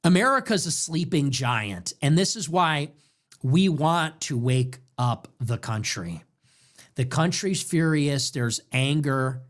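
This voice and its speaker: A man's voice: a little high, animated, slow. A young man hosting a political show, delivering a heated monologue full of repeated rhetorical questions. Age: young adult. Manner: ranting, repetitive rhetorical questions.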